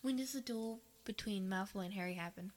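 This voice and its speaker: A woman co-hosting a casual podcast, chiming in with joking asides. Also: medium pitch. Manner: joking, chimes in with quick asides. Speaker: podcast co-host. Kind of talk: casual chat.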